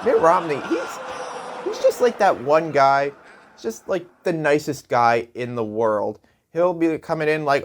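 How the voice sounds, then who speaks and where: Male late-night host: sarcastic, slow-paced monologue, chuckles at his own gags. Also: fairly high pitch, sing-song, background noise. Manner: sarcastic, jokey, laughs at his own jokes. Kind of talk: comedic news monologue.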